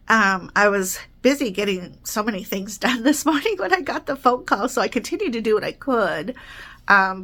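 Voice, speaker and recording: A woman vlogging in casual chat from her apartment, rambling with lots of fillers and little laughs, slightly congested and talking around a cough drop. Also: mid-range voice. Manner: rambling, chatty, with many fillers and soft laughs.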